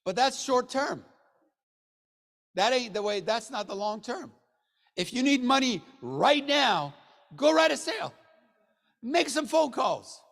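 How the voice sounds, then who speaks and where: A man giving a motivational sales training talk to a room of people, joking, and swinging between low mutters and loud bursts. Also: very animated, slow, vocal fry, long pauses. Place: meeting room with an audience. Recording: long hall reverb.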